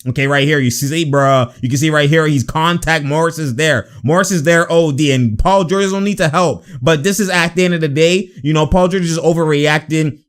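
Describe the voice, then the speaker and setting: A man hosting a casual basketball film breakdown, slangy and animated, laughing often between excited outbursts. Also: fairly high pitch, a little fast, hardly any pauses, smooth. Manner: slangy, repeats catchphrases.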